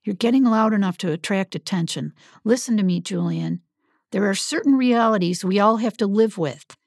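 A woman narrating a careful, level-headed man in an audiobook, calm and guarded as he warns a friend. Her delivery has a gravelly texture in a dry, close recording. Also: medium pitch, no echo, natural voice. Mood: steadying. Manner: calm, warning, measured. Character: cautious adult man, steady friend.

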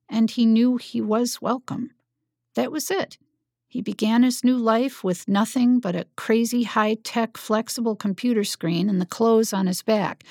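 A woman narrating an audiobook in a calm, steady storytelling manner. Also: medium pitch, no echo, clean studio sound.

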